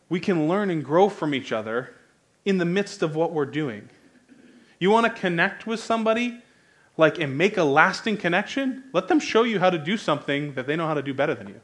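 A man in his thirties with an American accent, preaching a sermon in a conversational, joking way that rises to loud, emphatic bursts. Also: a little high, lively intonation, quick pace.

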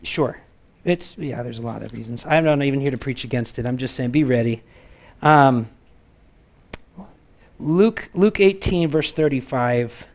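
A man preaching a casual sermon in a conversational, animated way, acting out the voices of people in the stories he tells. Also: mid-range voice, unhurried, pauses often. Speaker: pastor.

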